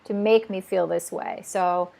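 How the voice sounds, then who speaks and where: A woman's voice: on the low side, fairly even intonation, a little slow, creaky, darkish tone. A woman hosting an interview, asking questions and reflecting on her own experience in a conversational way. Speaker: interview host.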